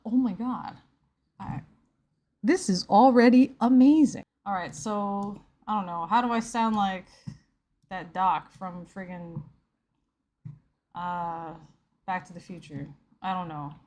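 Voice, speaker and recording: A woman's voice: medium pitch, lively intonation, slow pace, long pauses, a little mellow. A woman hosting a live reaction video, commenting on a comic with sarcastic, incredulous, rambling asides. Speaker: YouTube host.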